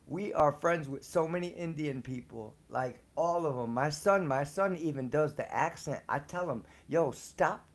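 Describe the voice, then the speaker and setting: A man's voice: fairly high pitch, moderate pace, hardly any pauses. Slangy laughing man telling stories. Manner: profane, slangy and laughing often. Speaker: storyteller on a live show. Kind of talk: casual storytelling.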